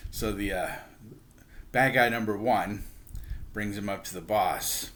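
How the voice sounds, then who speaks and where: Chatty low-voiced man recapping a comic. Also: measured pace, fairly bright tone. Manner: chatty, acts out characters with lots of "he's like"; chuckles while telling. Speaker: book reviewer. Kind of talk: casual retelling of a comic book.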